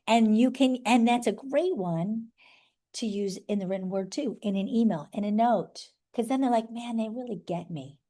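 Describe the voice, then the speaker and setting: A woman's voice: a little high, darkish tone. A woman teaching a live seminar to a room of people, chatty, making joking asides and often tagging "right?". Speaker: workshop presenter teaching sales skills.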